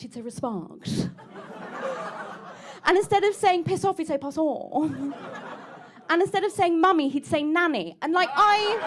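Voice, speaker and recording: A woman, doing a chatty, self-mocking stand-up set and teasing the crowd in a comedy club. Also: very high voice. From England. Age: 30s. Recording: live club recording with audience noise.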